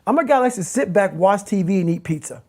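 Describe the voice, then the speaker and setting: A man's voice: sits high, lively intonation, quick pace, warm tone. Intense man repeating his points. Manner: intense, emphatic, repeats key phrases. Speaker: interview guest. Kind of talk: motivational interview talk.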